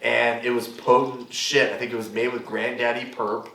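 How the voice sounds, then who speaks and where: A young man, a podcast guest, telling a story in casual chat, animated and swearing freely as he acts out what people said. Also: mid-range voice, normal speed. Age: young adult. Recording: roomy, distant mic.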